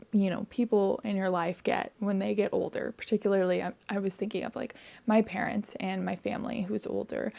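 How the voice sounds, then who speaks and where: Earnest woman with a gravelly edge. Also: mid-range voice, a little mellow. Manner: earnest and reflective, heavy use of "like". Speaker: book reviewer. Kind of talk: casual book review vlog.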